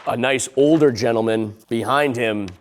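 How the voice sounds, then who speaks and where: A man's voice: mid-range voice, moderate pace, a little hiss or hum. A young man hosting a casual comedic video essay, rambling and sarcastic, with plenty of swearing. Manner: profane, rambling, sarcastic storyteller.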